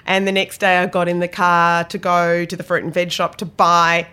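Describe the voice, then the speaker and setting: A woman's voice: lowish voice, completely flat delivery, normal speed, pushed and bright, clear, resonant tone. An Australian woman hosting a solo podcast, telling a self-mocking kitchen anecdote in a chatty way. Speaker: podcast host and private chef.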